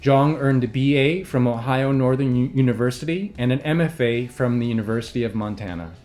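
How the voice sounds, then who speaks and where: A man from a poetry organization giving a calm, measured, formal introduction of a poet. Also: medium pitch, soft background music. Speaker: event host introducing a poet. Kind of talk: scripted introduction.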